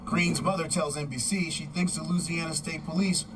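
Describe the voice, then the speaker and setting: A man reading a scripted news report, measured and formal. His voice sits slightly high. He sounds a little distant from the mic, with faint noise behind. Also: steady tone, fairly bright tone. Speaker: news correspondent.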